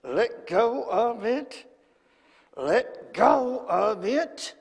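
God as a patient divine father, insistent and coaxing, in a high voice that rings through a hall with a long echo, put on by a man preaching. The commands come firm and repeated, gently pressing. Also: very animated, extremely slow, vocal fry, breathy edge, heavily acted. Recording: long church reverb.

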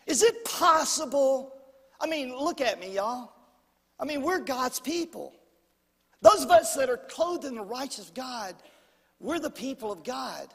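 A man preaching a sermon as pastor, calling out to the congregation and rising to shouts at the peaks. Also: extremely high pitch, sing-song, unhurried, gravelly, husky. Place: church sanctuary. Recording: long hall reverb.

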